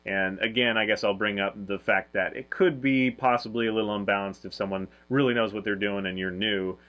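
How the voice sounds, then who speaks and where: A man's voice: fairly low pitch, steady tone, a little fast, a bit bright, dull audio. A man co-hosting a casual board game review, talking loosely with lots of fillers and restarts. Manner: rambling, many fillers and restarts.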